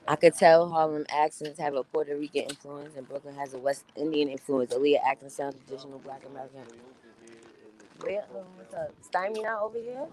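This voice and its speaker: A woman's voice: sits low, normal speed, a little mellow, low-quality recording. Profane chatty New woman streamer. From New York. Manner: blunt and profane, chatty, laughs often. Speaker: live-stream host. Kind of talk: casual live-stream chat reading viewer comments.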